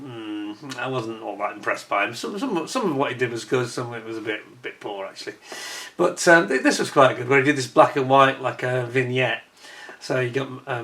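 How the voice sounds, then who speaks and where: A man chatting casually to camera, telling a personal anecdote in an animated way with frequent restarts and laughs. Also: medium pitch. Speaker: vlogger.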